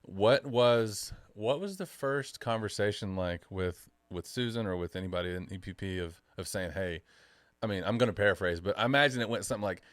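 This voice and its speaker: A chatty man hosts a casual podcast interview, rambling through his questions with a self-deprecating touch. His voice sits on the low side. The sound is dry and close. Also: fairly quick, no room sound. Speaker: podcast host.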